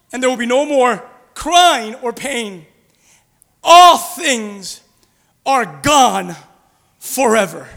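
A man preaching an Easter sermon as a pastor, dropping to hushed low passages and rising to loud urgent ones. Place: church. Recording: hall reverb.

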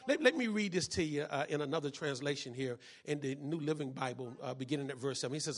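A male pastor preaching a sermon, reading scripture and calling out questions for the congregation to answer, rising to shouts at times. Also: fairly high pitch. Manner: reads scripture slowly, then builds to shouted preaching; call-and-response, asks congregation "what?".

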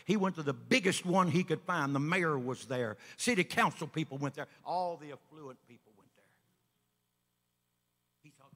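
A man preaching a sermon as an evangelist, folksy storytelling that builds up to shouting. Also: fairly high pitch, expressive, fairly quick, in a large hall. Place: church sanctuary.

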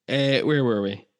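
A man co-hosting a football podcast, chatting casually and jokily with filler ums. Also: mid-range voice. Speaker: podcast co-host.

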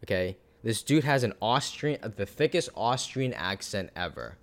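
A man co-hosting a podcast, rambling and animated in casual chat, swearing now and then. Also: fairly low pitch, normal speed. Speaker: podcast co-host.

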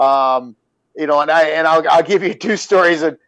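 A middle-aged man, a former hockey player, telling rambling, animated stories in casual chat. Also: a little high, moderate pace, dry recording, rough recording. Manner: rambling, animated when acting out anecdotes.

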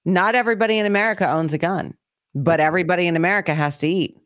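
A man's voice: sits high, very fast, a bit bright. A man co-hosting a podcast in casual, blunt chat, teasing and correcting his friend. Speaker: podcast co-host.

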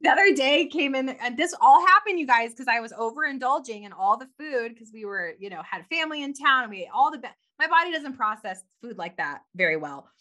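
Bright-voiced woman chatting animatedly. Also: sits high, a little fast, few pauses. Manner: animated, laughs a lot, uses filler "like". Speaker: podcast co-host. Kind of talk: casual chat.

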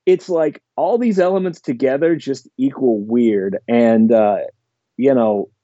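A man talks in a loose, rambling way, full of fillers and eager asides. His voice is mellow and dark, on a dull lo-fi recording. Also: mid-range voice, measured pace, no echo. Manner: rambling, enthusiastic, heavy on fillers. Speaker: podcast guest. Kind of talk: casual chat.

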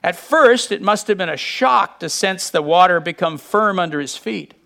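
A man preaching a sermon in a conversational way, acting out quotes from the story with animated bursts. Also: sits high, moderate pace, vocal fry.

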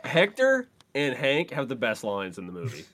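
A man's voice: mid-range voice, wildly swooping pitch, normal speed, fairly bright tone. A man casually talking through a movie with a co-host, enthusiastic and laughing as he quotes his favorite lines. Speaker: podcast co-host. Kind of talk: casual movie recap chat.

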